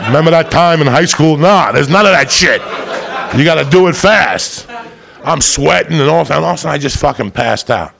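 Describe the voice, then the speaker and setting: A middle-aged man doing stand-up, telling a rowdy, profane story and swinging up to loud shouts. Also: fairly high pitch, lively intonation, brisk, crowd noise. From New Jersey area. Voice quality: gravelly. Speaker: stand-up comedian.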